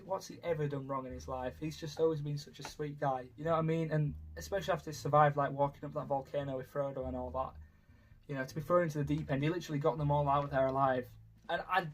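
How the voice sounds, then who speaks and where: A young man, rambling casually as a YouTuber through a ranking, full of "you know" fillers. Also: a little high. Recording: voice a bit far from the mic.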